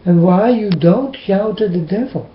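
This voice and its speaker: A Dutch-accented man preaches in a slow, earnest monologue, stopping often and asking the same questions again and again. His voice sits fairly high for a man. The sound is roomy and a little dull, like a lo-fi home recording. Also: expressive, slight background noise. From Netherlands. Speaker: religious vlogger.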